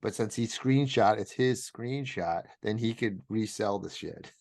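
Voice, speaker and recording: A man co-hosting a podcast in casual chat, teasing and animated, swearing casually. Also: lowish voice, unhurried, gravelly, dry recording, clean studio sound. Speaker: podcast co-host.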